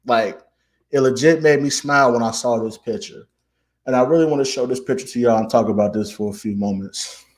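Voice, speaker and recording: A man in his late twenties hosting a casual commentary show, talking with animated, heartfelt emotion, stammering and repeating "man" often. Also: mid-range voice, brisk. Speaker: host.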